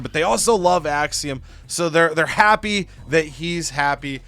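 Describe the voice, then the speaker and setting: A man's voice: on the high side, a little slow, hardly any pauses, sharp tone. A man casually retelling a wrestling game session, with lots of "you know" and "like" fillers. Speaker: let's-play co-host. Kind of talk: casual game recap storytelling.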